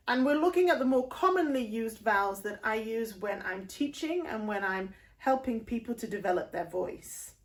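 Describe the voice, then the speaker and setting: A woman with a northern English accent, teaching singing in a video lesson and patiently explaining vowel shapes with short demonstrations. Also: on the high side. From northern England. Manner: patient, explanatory, breaks into sung vowel demos.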